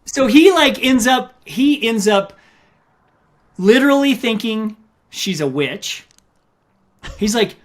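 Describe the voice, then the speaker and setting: Slow and full of long pauses, this middle-aged man's voice sits high. An ultramarathon runner and coach, he tells lively stories on a podcast interview, performing other people's quotes.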